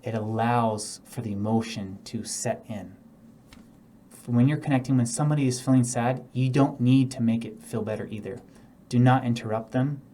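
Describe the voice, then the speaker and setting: A man's voice: medium pitch, moderate pace, warm tone, slight background noise. A man teaching real estate negotiation in a casual, instructional way, often acting out example speakers. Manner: casual, demonstrates tones and acts out example speakers. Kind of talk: instructional talk.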